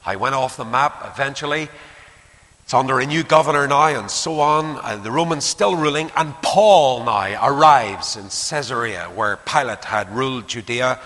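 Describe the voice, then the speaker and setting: Male preacher, lively swooping pitch, bright tone, long hall reverb. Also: normal speed. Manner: animated, acts out quotes, drops to hushed asides. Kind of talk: sermon.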